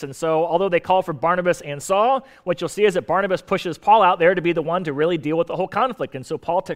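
Pastor type, male, slightly higher voice, casual teaching sermon with light humor and punchy emphasis. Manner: conversational teaching with asides and humor; animated, shifts loudness for emphasis.

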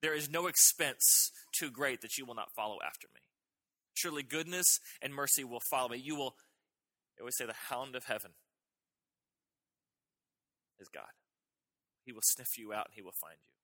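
A middle-aged male pastor preaches a sermon with emphasis and repetition, hammering his main points and building intensity on key phrases. His mid-range voice is bright and forceful, moving at normal speed with frequent pauses.

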